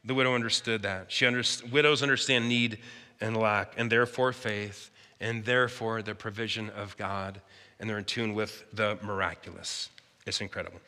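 Bright-voiced male preacher in a hall. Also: lowish voice, moderate pace. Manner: conversational preaching, acts out characters. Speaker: pastor. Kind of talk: sermon. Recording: long hall reverb.

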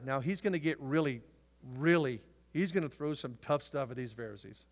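A man preaching a sermon to his church, swinging from loud, emphatic declarations to hushed asides. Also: mid-range voice, brisk. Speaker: pastor. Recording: long hall reverb.

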